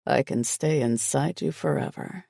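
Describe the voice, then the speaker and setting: A rugged, passionate young man talks in a low, gravelly murmur, as a male narrator plays him. He speaks slowly and close to the ear. It is a romance audiobook with a dry, close recording. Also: mellow, no echo.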